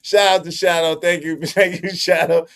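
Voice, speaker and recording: A fairly high-voiced man runs a casual livestream. He reacts to clips with bemused laughter and keeps thanking viewers by name. He sounds loose and chatty throughout. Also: steady tone, moderate pace. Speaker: livestream host.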